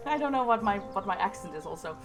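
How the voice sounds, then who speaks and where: A woman's voice: mid-range voice, lively intonation, quick pace, over music. A young woman giving giggly, chatty let's-play commentary on a game, often laughing at herself. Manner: giggly, chatty, self-mocking. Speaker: gaming video host.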